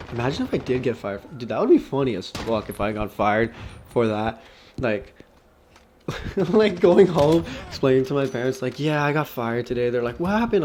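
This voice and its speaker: A young man tells a story from his job in a loose, casual vlog style, swearing a lot and laughing at his own jokes. His voice sits at an ordinary pitch for a man. A faint hiss of noise runs under the recording. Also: a little mellow. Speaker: vlogger.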